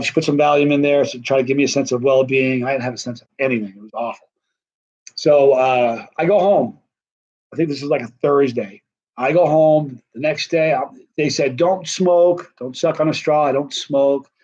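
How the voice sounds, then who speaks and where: A man's voice: mid-range voice, a little mellow. Rambling man telling a story, lo-fi. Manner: rambling, conversational, with many fillers. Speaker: host telling a personal story. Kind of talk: casual storytelling. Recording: dull lo-fi recording.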